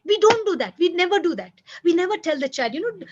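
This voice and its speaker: A woman's voice: extremely high pitch, sing-song, fast, few pauses. A woman coaching parents in a lecture, direct and repeating her key points. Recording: dull lo-fi recording.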